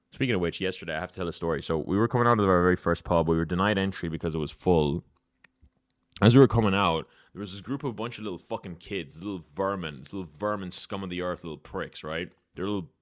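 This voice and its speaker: Foul-mouthed lower-voiced male streamer ranting. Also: no echo, clean studio sound. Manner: profane, ranting banter with chat. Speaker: chess streamer. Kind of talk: live-stream commentary and storytelling.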